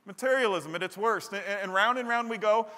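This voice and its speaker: Animated preaching man in a reverberant hall. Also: fairly quick. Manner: animated, acts out quotes with sudden loud high bursts. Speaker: pastor. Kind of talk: sermon.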